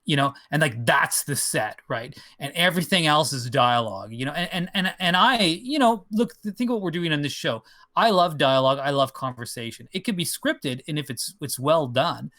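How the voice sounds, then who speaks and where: A man's voice: a little high, animated, moderate pace, hardly any pauses, pushed and bright. A man co-hosting a podcast in casual chat, talking eagerly with lots of "like" and "you know". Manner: filler-heavy, enthusiastic. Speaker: podcast co-host.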